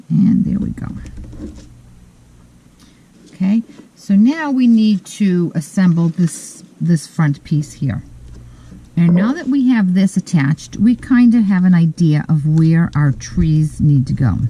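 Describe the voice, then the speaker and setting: Woman, craft tutorial host, unhurried, very warm dark tone, methodical with thinking pauses, faint hiss. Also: on the low side, rough recording. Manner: relaxed, methodical, frequent "um" pauses. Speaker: card-making tutorial host. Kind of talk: step-by-step craft demonstration.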